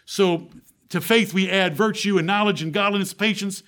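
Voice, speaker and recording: High-voiced man preaching a sermon. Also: steady tone, normal speed. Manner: preaches with rising fervor, then drops to a low, quiet tone; rhetorical questions and Bible quotations.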